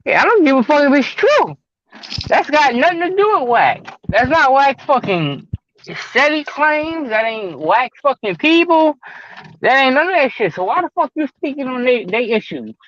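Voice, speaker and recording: Blunt, high-voiced man on a podcast. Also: sing-song, normal speed, a bit bright. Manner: blunt, profane, insistent. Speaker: podcast co-host. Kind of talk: casual chat. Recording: muffled lo-fi audio with faint hiss.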